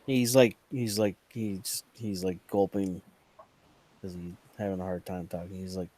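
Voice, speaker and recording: A man narrating a tabletop game as game master, halting and full of fillers. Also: low-pitched, steady tone, mellow.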